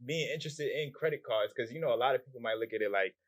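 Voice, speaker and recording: A man hosting a casual interview, asking relaxed, slangy questions. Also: mid-range voice, racing, no room sound, clean studio sound. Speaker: interviewer host.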